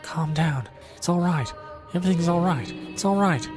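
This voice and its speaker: Brief: man as a patient, reassuring woman, measured delivery, over music. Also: medium pitch, expressive, close to an everyday voice. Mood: soothing. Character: calm, patient, soothing woman. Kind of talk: fan voice dub of a visual novel.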